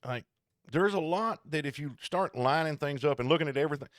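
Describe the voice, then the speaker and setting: A man co-hosting a casual podcast chat, talking in an animated, digressive, jokey way. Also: on the high side, fairly quick, dry recording, studio quality. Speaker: podcast co-host.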